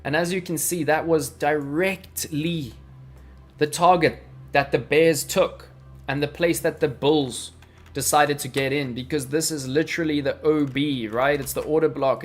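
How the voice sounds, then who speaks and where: A man hosting a live crypto trading stream, talking energetically through charts and answering viewers in chat. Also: a little high. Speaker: crypto livestream host.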